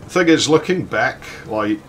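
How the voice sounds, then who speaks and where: A man's voice: mid-range voice, expressive, a little slow, fairly bright tone, a little hiss or hum. Rambling, sweary man. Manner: rambling, sweary, chuckling between lines. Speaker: let's play host. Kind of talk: casual storytelling while playing a game.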